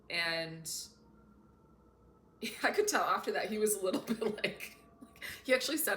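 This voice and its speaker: Earnest low-voiced woman in echoey room. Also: a bit bright, a little hiss or hum. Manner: earnest, openly emotional. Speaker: self-development coach. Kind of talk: casual talk to camera.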